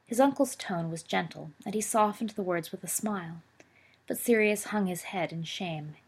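Woman storybook narrator, expressive, slightly raspy. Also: mid-range voice, normal speed. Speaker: audiobook reader.

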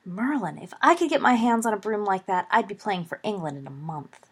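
A woman's voice: medium pitch, animated, fairly quick, breathy edge. A woman voicing a cocky, show-off teenage schoolboy with a teasing, cheeky manner.

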